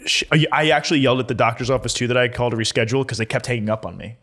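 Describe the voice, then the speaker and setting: A man's voice: medium pitch, fairly even intonation, very fast, fairly bright tone. A man co-hosting a casual chat, teasing and laughing often. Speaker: podcast co-host.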